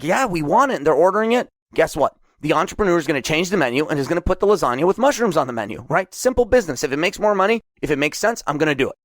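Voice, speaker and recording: A man hosting a business coaching talk, energetic and conversational, acting out examples as he goes. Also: a little high, dry recording, studio quality. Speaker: host.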